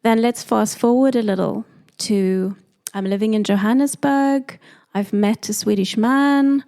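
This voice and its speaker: South African woman, doula guest; lively storyteller who acts out the people she quotes. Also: fairly high pitch, a little slow. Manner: animated, acts out quoted voices. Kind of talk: storytelling interview.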